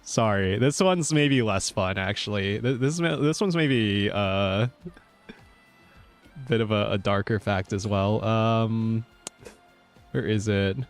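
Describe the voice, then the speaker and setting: A man's voice: lowish voice, slow pace, clean tone, soft background music. A male VTuber chatting casually while streaming a game, rambling with lots of fillers and easy laughs. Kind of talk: casual gaming stream chat.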